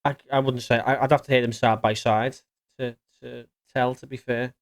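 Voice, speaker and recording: During a casual gaming livestream, a man reads viewer messages aloud, chuckling a lot and speaking bluntly with swear words. His mid-range voice has a flat delivery and moderate pace.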